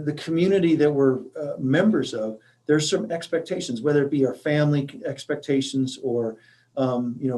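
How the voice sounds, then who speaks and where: A man who works as a hospice grief counselor, giving a library talk in a thoughtful, halting way with many fillers and restarts. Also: a little high, warm tone.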